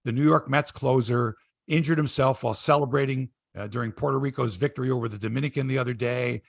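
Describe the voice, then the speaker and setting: Animated gravelly man talking sports. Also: no echo, studio quality. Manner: animated storyteller, acts out quotes in a high voice. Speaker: sports podcast host. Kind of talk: casual sports talk.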